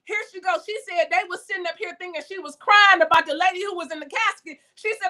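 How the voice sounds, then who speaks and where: Woman w/ aave preaching motivation, real high bright voice, shouts then drops way down. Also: fast talker, few pauses. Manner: emphatic, calls listeners baby, swings between shouting and hushed. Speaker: motivational speaker.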